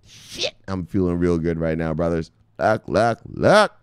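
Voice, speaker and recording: A middle-aged man talking excitedly as a crypto news vlogger, cursing and shouting shout-outs to viewers. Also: deep voice, unhurried, clean tone, no room sound, clean studio sound. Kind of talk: casual hyped-up commentary.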